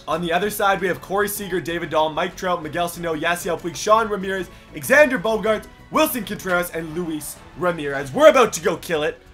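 A young man giving animated gameplay commentary for his video channel, heated and playful with loud outbursts. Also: sits high, a little fast, few pauses, faint music behind. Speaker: gaming YouTuber.

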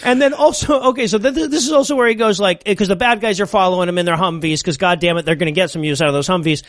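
A man's voice: high voice, fast talker, fairly bright tone, no room sound, clean studio sound. A man co-hosting a comedy podcast, recapping a film with sarcastic asides and frequent laughs. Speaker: podcast co-host.

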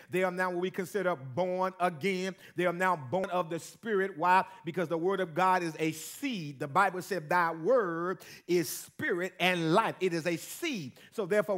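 A high-pitched pastor preaches a sermon to his congregation, using call-and-response and building in stretches up to shouting.

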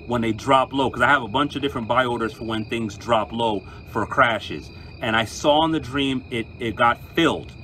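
Bright-voiced man preaching emphatically. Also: mid-range voice, a little hiss or hum, poor audio. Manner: emphatic, animated storyteller. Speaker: pastor. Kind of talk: preaching-style talk to viewers.

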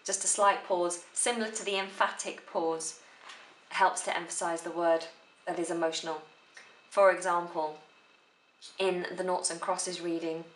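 Slow, careful woman teaching in an echoey room. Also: on the low side, fairly even intonation. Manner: slow, careful, deliberate delivery. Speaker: drama exam tutor. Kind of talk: spoken theory lesson with read examples.

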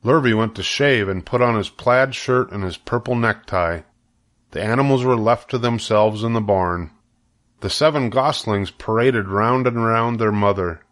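A man's voice: lowish voice, moderate pace, a bit bright. Grandfatherly man reading a storybook aloud. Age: older. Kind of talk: reading a children's book aloud.

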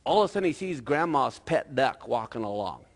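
Male pastor, sermon, gravelly voice, fairly high pitch, long hall reverb. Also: a little fast. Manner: storytelling, lively, conversational.

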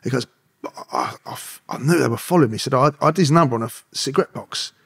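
A man's voice: medium pitch, fast, creaky, breathy edge. A middle-aged man, a podcast guest and former police officer who tells stories profanely, swearing constantly and acting out the dialogue. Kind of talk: profane anecdotal storytelling.

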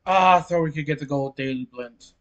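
A man with a fairly high voice talking through his soccer video game in a relaxed, sleepy way. He stays low-key and breaks into quick exclamations when a play goes right or wrong. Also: lo-fi sound. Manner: low-key, reacting to plays with sudden exclamations. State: sleepy, yawning. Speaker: gameplay commentator. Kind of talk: casual gameplay commentary.

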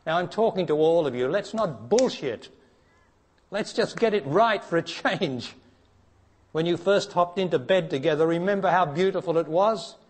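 A man giving a spiritual talk to an audience, blunt and challenging, dropping to hushed tones and then rising to emphatic ones. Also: expressive, moderate pace. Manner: blunt, challenging, preacher-like, asks direct questions; swings between hushed low passages and raised emphatic ones. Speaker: spiritual teacher.

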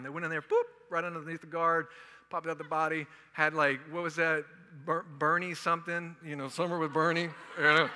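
A man's voice: a little high, pushed and bright. A man from Houston preaching a sermon as pastor, joking and talking in a loose conversational way. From Houston, Texas. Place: church sanctuary. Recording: long echo of a large church hall.

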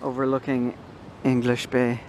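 Monotone and unhurried, this older vlogger has a mid-range voice with a darkish tone. He rambles casually, chatty and sidetracked, while filming outdoors in a city on a handheld camera, and the audio carries a lot of outdoor noise.

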